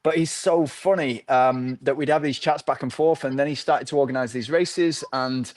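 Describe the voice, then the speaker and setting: A man's voice: mid-range voice, fairly even intonation, normal speed, no room sound. A middle-aged man from the north of England, a podcast guest telling his story in a rambling, easygoing way with many restarts. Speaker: podcast guest, ultra runner. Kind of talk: casual interview chat.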